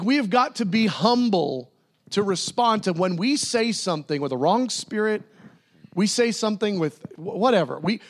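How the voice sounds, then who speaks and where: A pastor delivering a sermon to his church, jokey and quick to laugh, swinging between high excited bursts and low earnest tones.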